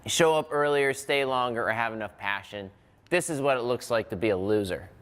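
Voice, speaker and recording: A man's voice: medium pitch, brisk, fairly bright tone, smooth, long reverb tail. A man giving a conversational motivational talk on mental training, often restarting phrases and working through examples. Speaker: motivational speaker.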